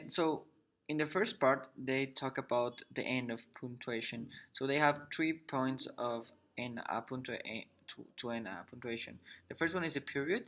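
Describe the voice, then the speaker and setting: Halting young man, Spanish native speaker. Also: medium pitch, sharp tone. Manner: halting, many fillers and restarts. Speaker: English learner presenting. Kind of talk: student summary on a video call. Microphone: video call.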